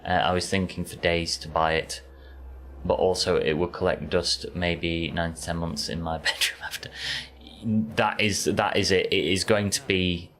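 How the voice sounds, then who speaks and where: Low-pitched and a bit bright, his steady voice moves at a moderate pace with a little hiss or hum in the background. He's a Yorkshire man live-streaming a game from a warm home bedroom, chatting to viewers in a relaxed, rambling manner.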